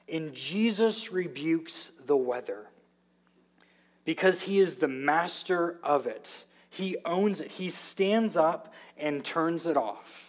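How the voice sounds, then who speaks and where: A man's voice: on the high side, takes it slowly. A man preaching a sermon, telling the story with emphatic, vivid asides. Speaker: pastor.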